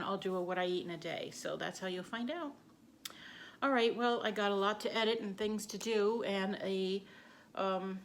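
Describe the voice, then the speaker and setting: A woman talks casually to her viewers in a rambling, chatty way. Her voice sits at a middle pitch, and she trails through thoughts with plenty of fillers. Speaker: vlogger. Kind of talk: casual chat to camera.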